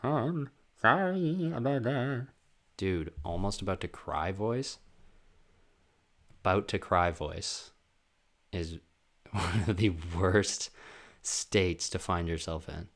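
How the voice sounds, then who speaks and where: A young man with a lowish voice talks alone into his podcast mic in loose, rambling fashion. He pokes fun at himself and leans into wry asides. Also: fairly even intonation, takes it slowly, pauses often. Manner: rambling, self-deprecating, jumps into loud sung and acted bits. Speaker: podcast host. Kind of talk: casual solo podcast monologue.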